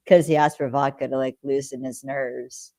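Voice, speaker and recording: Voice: medium pitch, little pitch movement, unhurried, a little mellow, no room sound. A podcast co-host recapping a TV episode in casual chat, rambling with lots of fillers and acting out the characters' lines.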